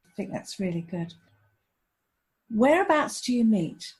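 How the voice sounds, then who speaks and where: A woman's voice: medium pitch, big pitch swings, measured pace, darkish tone, breathy edge. A woman, a relationship counsellor, hosting a podcast interview and talking in an empathetic, thinking-aloud way.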